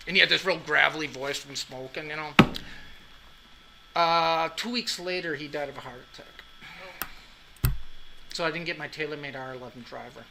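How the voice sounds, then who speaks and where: A man's voice: fairly high pitch, lively intonation, moderate pace, gravelly, long pauses, bright, forceful tone, a little hiss or hum, rough recording. A man teaching an anatomy class, telling a long anecdote in a chatty way, often asking "right?" and laughing at his own jokes. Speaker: college anatomy instructor. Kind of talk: lecture anecdote.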